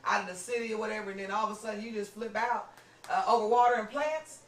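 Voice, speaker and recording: A woman podcast host telling a story in casual chat, animated and acting out what people said. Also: medium pitch, fast talker. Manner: animated, acts out quoted lines, lots of "you know what I'm saying". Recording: roomy room, distant mic.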